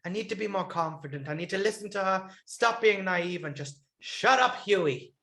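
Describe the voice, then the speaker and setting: A man's voice: sits high, animated, moderate pace, creaky, bright, forceful tone, voice pushed up, full character voice. A man doing a flustered, self-doubting man. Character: anxious male contestant doubting himself.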